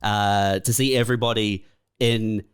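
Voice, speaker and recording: A man's voice: lowish voice, steady tone, measured pace, smooth. A man co-hosting a podcast, chatting in a laid-back way and thinking aloud with fillers. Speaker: podcast co-host. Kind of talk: casual chat.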